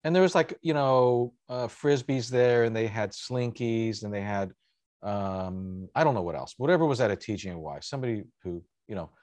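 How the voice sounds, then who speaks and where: Low-voiced man, dry close sound. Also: normal speed, no room sound. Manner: easygoing and reminiscing, trailing off softly. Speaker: podcast host. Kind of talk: casual conversation.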